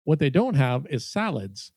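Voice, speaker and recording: A man's voice: medium pitch, normal speed, no room sound. A man hosting a podcast, telling a funny story in casual chat. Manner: storytelling, animated and joking. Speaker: podcast host.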